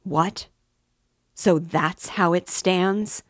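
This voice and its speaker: A woman's voice: low voice, measured pace, no room sound, clean studio sound. A woman reading the part of a pompous, sarcastic middle-aged male suitor in a lofty tone. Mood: indignant.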